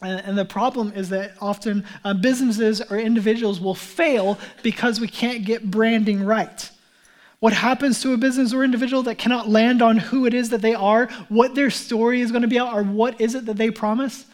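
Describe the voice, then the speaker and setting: Chatty pastor preaching a relaxed sermon. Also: male voice, very high voice, a little fast. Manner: relaxed and chatty, with frequent fillers and restarts; addresses the congregation as beloved. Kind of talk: conversational sermon.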